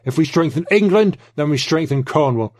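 A man's voice: a little high, animated, normal speed, pitched above the performer's own voice. A man voicing a blunt, contemptuous middle-aged man who talks curtly and dismissively. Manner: curt, dismissive, forceful.

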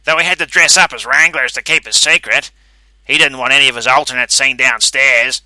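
A man voicing an irritable, indignant middle-aged man who shouts his complaints. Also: mid-range voice, a little fast, no echo, voice pushed up, rough recording. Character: irritable middle-aged man among look-alike doubles.

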